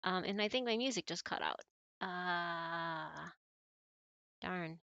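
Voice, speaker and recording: A woman's voice: fairly low pitch, slow, vocal fry, sharp tone, dry recording, highs cut off. An American woman streaming, chatting casually with her chat, laughing often and rambling with lots of fillers. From United States. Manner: giggly, rambling, apologetic, many fillers.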